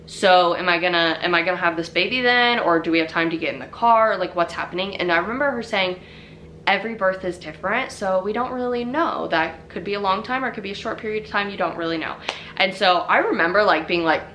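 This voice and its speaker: A woman's voice: fairly low pitch, quick pace, fairly bright tone, slight background noise. Chatty young woman telling a story. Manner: chatty, many "like" fillers. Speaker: vlogger telling her birth story. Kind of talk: casual storytelling to camera.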